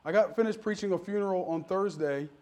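A man preaching a sermon from the pulpit, his voice sitting noticeably high for a man. He talks like he's telling stories to friends, jokes with the congregation, and now and then climbs into loud, emphatic bursts. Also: a little fast. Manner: conversational storytelling preaching with sudden loud emphatic peaks. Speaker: pastor.

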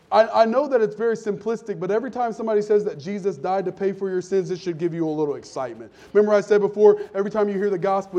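A man preaching a lively, conversational sermon in a church, calling out to the congregation. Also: high-pitched, lo-fi sound. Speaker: pastor.

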